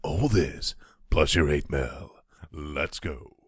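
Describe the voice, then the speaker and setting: A man's voice: rumbling low, expressive, takes it slowly, slightly rough, dry recording, clean studio sound. A man hosting a gaming podcast, cracking crude jokes in casual banter. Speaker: podcast host.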